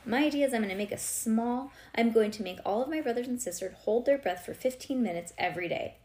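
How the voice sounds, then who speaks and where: A woman's voice: on the high side, fast talker, a little mellow, pitched above the performer's own voice, lightly acted. A woman doing a boastful young schoolgirl.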